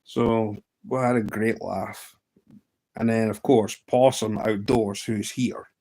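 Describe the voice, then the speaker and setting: A man's voice: fairly low pitch, steady tone, takes it slowly, a little mellow, a little hiss or hum, rough recording. A man hosting a casual livestream, telling fishing stories in a chatty, laughing way. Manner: chatty storyteller, often laughing. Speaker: livestream host.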